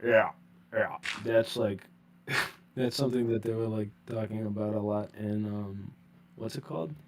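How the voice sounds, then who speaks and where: A man's voice: on the low side, unhurried, a little hiss or hum. A man chatting casually over a voice call about a game mod, laughing often and swearing freely. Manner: swears a lot, laughs often, loud bursts. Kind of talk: casual gaming chat.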